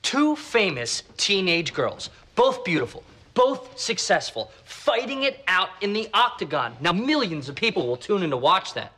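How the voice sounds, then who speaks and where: A smooth, pushy fight manager with a bright, forceful voice. He sells every idea like a promoter, his pitch rising and falling with enthusiasm. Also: big pitch swings, normal speed, full character voice. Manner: salesy, persuasive. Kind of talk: sitcom acting.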